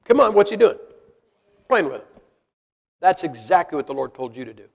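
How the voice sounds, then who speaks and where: A man with a high-pitched, creaky, husky voice preaches briskly, his pitch swinging widely. He addresses a church hall congregation in a blunt, folksy way, throwing rhetorical questions at them, and the recording has the long reverb of a large hall.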